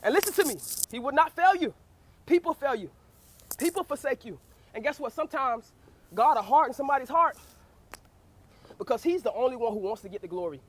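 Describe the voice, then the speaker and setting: Fervent high-voiced young woman preaching. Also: animated, a little fast, pauses often. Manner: fervent, repeats phrases and calls "you hear what I say?" to listeners. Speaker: speaker giving a personal testimony. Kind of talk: preaching testimony.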